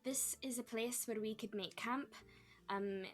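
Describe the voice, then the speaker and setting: This is a woman playing a practical elf wanderer in a tabletop game. She reasons calmly and reassures the others, with an in her speech. Faint music plays underneath. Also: fairly high pitch, unhurried, lightly acted. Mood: reassuring.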